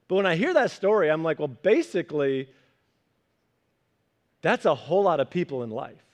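High-voiced animated young man preaching. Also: moderate pace. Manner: animated, conversational preaching with acted-out quotes. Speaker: pastor. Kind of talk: sermon.

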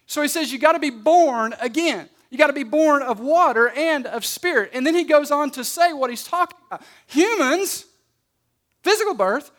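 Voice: sits high, a bit bright. A pastor preaching a sermon in a conversational way, often restarting and repeating words and leaning on key words.

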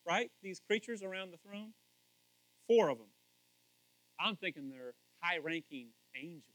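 A man preaching a casual, conversational sermon as pastor, animated and questioning his listeners. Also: high voice, a little slow, no room sound, low-quality recording. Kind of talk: casual sermon, Bible teaching.

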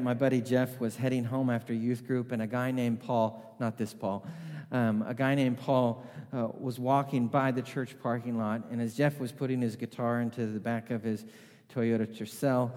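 A man's voice: medium pitch, little pitch movement, normal speed, darkish tone. Brief: male preacher, mid-range voice, chatty storytelling sermon, long hall reverb. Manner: conversational storytelling.

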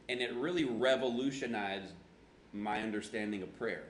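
Chatty pastor with a low voice. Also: male voice, normal speed. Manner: chatty, self-deprecating, acts out his own past words. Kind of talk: conversational sermon storytelling. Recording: roomy echo with faint background hum.

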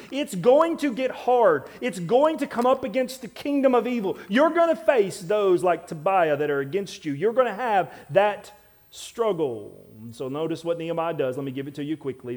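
A man preaching a sermon to a congregation. He swings between loud, emphatic passages and quiet, intense ones, with wry asides to the listeners. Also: high voice. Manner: self-deprecating asides to the congregation. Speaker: pastor.

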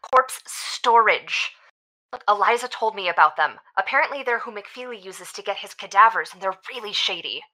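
An actress playing a grieving young woman who talks in a halting, stammering, tearful way. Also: mid-range voice, lively intonation, sharp tone. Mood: shaken. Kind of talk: audio drama acting.

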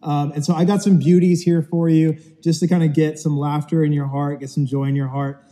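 A man's voice: a little high, flat delivery, a little fast, warm tone. A male pastor gives a chatty, casual sermon to an online audience from an empty church auditorium. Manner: chatty, telling dad jokes with self-deprecating asides. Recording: long reverb of a large hall.

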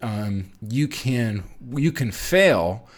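A man hosts a casual fitness channel vlog, offering strength-training advice in a chatty, animated manner full of fillers and restarts. His voice is medium-pitched and his delivery extremely slow.

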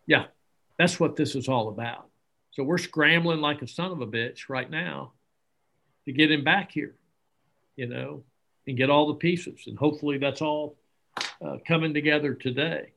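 A man's voice: on the high side, normal speed, gravelly, long pauses. Earnest middle-aged man telling stories. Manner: earnest, animated, acts out dialogue. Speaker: interview guest, charity founder. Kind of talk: conversational storytelling.

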